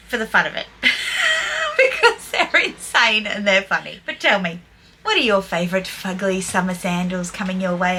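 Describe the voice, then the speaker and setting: A woman's voice: lowish voice, bright, forceful tone, a little hiss or hum. Blunt older woman vlogger. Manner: blunt, scathing, playful. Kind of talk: opinionated fashion commentary.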